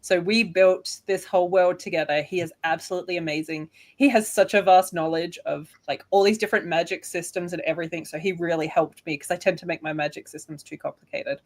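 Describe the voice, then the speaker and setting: A woman's voice: fairly low pitch, fairly even intonation, brisk, hardly any pauses. A woman in her thirties from Australia with an Australian accent, chatting as a guest author and laughing often. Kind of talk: casual interview chat.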